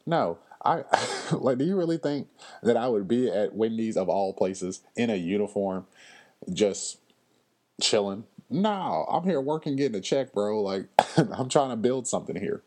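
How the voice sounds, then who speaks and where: A man hosting a podcast, telling stories in a casual, animated and blunt way, with lots of fillers and slang. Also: lowish voice. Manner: frequent fillers and pauses. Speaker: podcast host. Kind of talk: casual chat.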